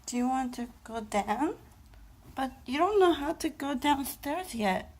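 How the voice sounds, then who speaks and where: Slow-talking young woman vlogger. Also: animated, a little mellow. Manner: playful baby talk, rising to high squeals. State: dizzy and unwell. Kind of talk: casual home vlog talking to her baby. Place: home room indoors. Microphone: handheld phone camera.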